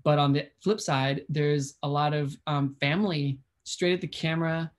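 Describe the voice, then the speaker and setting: An upbeat man talking about his photography work over a video call. He speaks casually and with enthusiasm, thinks out loud as he goes, and lets small chuckles slip in. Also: fairly high pitch, flat delivery, moderate pace. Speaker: wedding and portrait photographer, guest. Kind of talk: casual interview answers.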